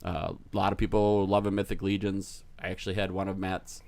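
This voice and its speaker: A man's voice: deep voice, flat delivery, a little fast, gravelly, a little mellow. A man co-hosting a podcast, telling a rambling story in casual chat and laughing often. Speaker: podcast co-host.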